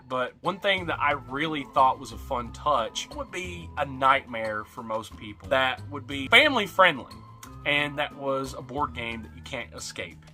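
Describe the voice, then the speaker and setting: Young male YouTuber, bright and fairly high voice, animated retrospective voice-over, faint music underneath. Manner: animated, jumpy emphasis. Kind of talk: retrospective narration.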